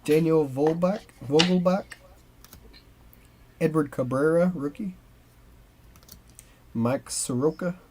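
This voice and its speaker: A man's voice: fairly high pitch, slow, pauses often, slight background noise. A man co-hosting a card-opening show, chatting casually and reading player names aloud as he pulls cards. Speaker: co-host opening baseball cards.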